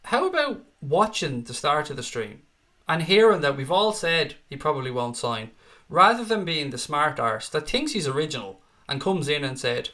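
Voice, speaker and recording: A man's voice: a little high, expressive, moderate pace, sharp tone. A young Irish man hosting a live stream, reading out viewer comments and answering them bluntly, with plenty of swearing. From Ireland. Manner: blunt, profane, reads out chat comments. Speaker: livestream host. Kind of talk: casual live-chat stream.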